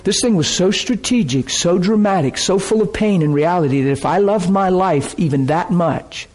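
Male preacher, somewhat high voice and husky, emotional storyteller who swings into shouts. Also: low-quality recording. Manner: dramatic, emotional storytelling that bursts into shouts and laughter. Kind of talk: sermon with personal storytelling.

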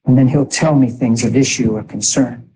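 A man preaching a sermon in an animated way, exhorting the congregation with asides. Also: medium pitch, normal speed, slight background noise, low-quality recording.

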